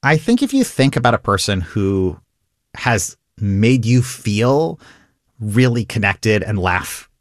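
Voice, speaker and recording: A comedian man talks with a very lively, bouncing pitch, laughing easily and acting out what people might say. His voice is close and dry, with no room sound at all. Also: takes it slowly, no room sound. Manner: animated, laughing, acts out quoted lines. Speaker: comedian guest. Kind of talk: conversational interview.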